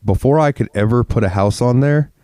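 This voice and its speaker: Clean studio audio without echo captures this man's mid-range, mellow voice at a fairly quick pace. Sick and from Florida, he co-hosts a podcast in easygoing chat, wandering off on tangents, swearing openly, and getting worked up as he rants.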